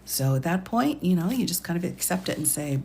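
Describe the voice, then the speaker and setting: A woman attorney hosts a livestream late at night from home, keeping her voice hushed and chuckling quietly. Her voice sits low with a gravelly edge, and faint noise sits behind her. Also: sing-song, fairly quick.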